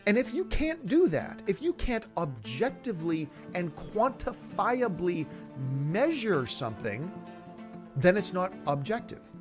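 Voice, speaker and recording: Man, ranting commentary, exasperated, sarcastic, animated pitch, faint music behind. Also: unhurried. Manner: exasperated and sarcastic, mocks others in put-on voices. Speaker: online movie commentator.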